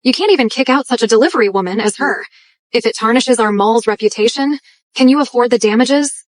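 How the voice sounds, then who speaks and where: A woman's voice: on the high side, a little fast, no echo, lightly acted. An actress playing an arrogant young woman posing as a rich heiress, imperious and scornful, in an English drama dub. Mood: haughty.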